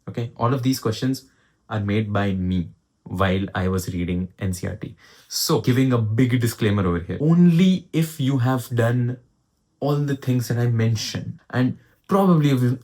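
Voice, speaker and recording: A man's voice: mid-range voice, darkish tone. A young man with an Indian accent giving casual study advice in a vlog. He talks urgently and keeps pressing the point, slipping Hindi into his English. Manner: urgent, exhorting, mixes Hindi into English, says "bro". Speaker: student advice vlogger.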